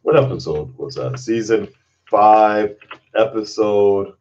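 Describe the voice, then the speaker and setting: A man's voice: lowish voice, takes it slowly, a little mellow, dull audio. A man hosting his own channel, chatting casually, rambling and swearing freely and breaking into laughter. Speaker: channel host. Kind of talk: casual livestream chat.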